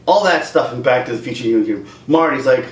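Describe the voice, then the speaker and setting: A man's voice: mid-range voice, a little fast, distant mic. A man giving a joking, ranting movie review as the host of his own channel. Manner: animated, joking rant. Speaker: YouTube comedian and reviewer. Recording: roomy echo, off-mic.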